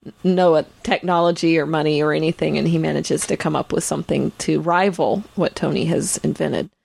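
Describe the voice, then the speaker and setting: Female podcast co-host, deep gravelly voice, dry close sound, halting casual delivery. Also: steady tone, darkish tone, no echo. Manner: hesitant, full of "you know" fillers. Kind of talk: casual chat.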